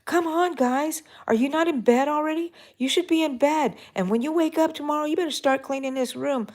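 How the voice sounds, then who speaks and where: A woman putting on the voice of a stern mother scolding her kids at bedtime, loud and bossy. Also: high-pitched, fairly quick, voice pushed up, natural voice. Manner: loud, bossy, clipped commands.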